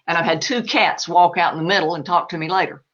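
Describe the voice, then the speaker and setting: A woman's voice: on the low side, fast. Emphatic woman on a lo-fi stream. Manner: emphatic, animated storytelling. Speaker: animal spirit medium. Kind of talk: live Q&A answers.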